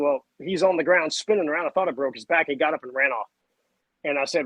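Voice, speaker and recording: A man, a podcast guest telling stories in a casual, animated way. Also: medium pitch, fast talker, no room sound, phone-quality sound. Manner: animated, acts out voices and sounds. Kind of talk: casual storytelling chat.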